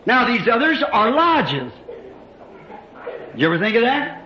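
A man in his fifties preaching a sermon in church, emphatic, drawing out lines that climb high. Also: sing-song, bright, forceful tone, echoey room. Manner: emphatic, drawn-out lines rising in pitch. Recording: dull old hiss-laden tape.

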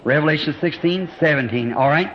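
A man in his fifties preaching a sermon in church, emphatic, drawing out lines that climb high. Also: reverberant. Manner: emphatic, drawn-out lines rising in pitch. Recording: dull old hiss-laden tape.

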